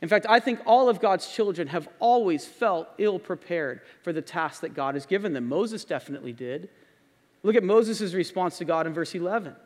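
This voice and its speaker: A man with a high voice preaching a sermon, earnest and insistent, hammering key phrases again and again. His voice rings out with a long reverb off the walls of a church sanctuary. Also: moderate pace, a little mellow. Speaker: pastor.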